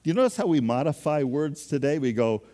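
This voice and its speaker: A man's voice: fairly high pitch, lively intonation, fast, mellow, long reverb tail. A man preaching a sermon as a pastor, in a conversational, self-deprecating way.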